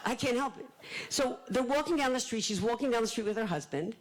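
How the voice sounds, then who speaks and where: An older woman from Philadelphia with a Philadelphia accent, an author giving a fast, chatty, joking live talk at a library event. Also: on the high side, expressive, noisy background. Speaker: author speaking to an audience.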